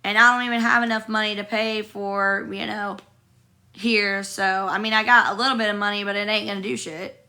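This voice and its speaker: A young woman, hoarse from being sick, talks straight into her phone during a livestream from a hotel room. Her voice is bright and forceful, and her talk is blunt and profane, rambling from one grievance to the next while she answers the comment feed. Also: medium pitch, fairly even intonation, fairly quick. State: hoarse from illness. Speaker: livestreamer reading viewer comments. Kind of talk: casual livestream venting.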